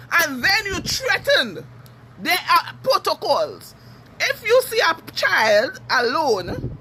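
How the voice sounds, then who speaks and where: A Trinidadian woman giving a heated, cursing social media rant, furious and shouting at times. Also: sits high, slight background noise. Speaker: TikTok commenter.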